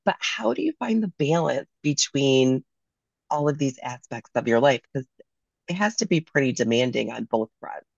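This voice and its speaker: Hoarse woman co-hosting a podcast. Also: very deep voice, lively intonation, normal speed, no echo, lo-fi sound. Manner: effusive, gushing. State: hoarse from a cold. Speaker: podcast co-host. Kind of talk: casual interview chat.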